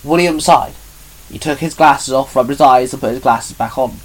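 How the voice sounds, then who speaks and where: A man's voice: medium pitch, fairly even intonation, fairly quick, low-quality recording. A man reading his own fan story aloud, plain and with small slips.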